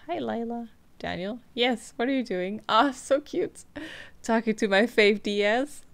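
Woman, gaming commentary, gravelly voice, reads on-screen texts aloud. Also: fairly low pitch. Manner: reads on-screen text messages aloud in a flat, quick way, with frequent laughs. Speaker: gameplay streamer. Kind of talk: casual let's-play commentary.

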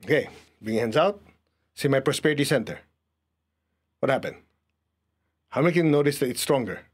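A man's voice: medium pitch, expressive, brisk, breathy edge. A man teaching an energy healing class, leading a live audience through a guided exercise. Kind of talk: guided group lesson.

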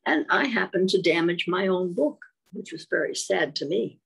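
A woman reading a picture book aloud to young children, slow and sing-song, stopping to ask them questions. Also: fairly low pitch, gravelly, slightly rough. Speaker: children's storyteller.

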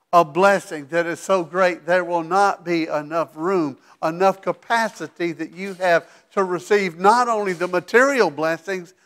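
A pastor preaching a sermon in a church sanctuary, animated and rising to emphatic peaks, dropping to a hushed voice for asides. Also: male voice, high voice.

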